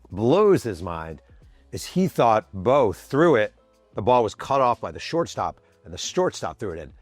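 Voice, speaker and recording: Lively fifty-something male storyteller. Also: medium pitch, dry recording. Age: 50s. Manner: lively, acts out quotes, swears casually. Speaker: podcast host. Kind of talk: animated sports storytelling. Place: home office.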